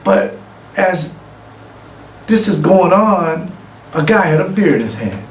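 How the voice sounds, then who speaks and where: A middle-aged man giving an award acceptance speech, telling a lively anecdote. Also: high voice, slow pace, a little hiss or hum. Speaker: award recipient and guest speaker. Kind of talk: storytelling speech. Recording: echoey room from far off, faint ambience.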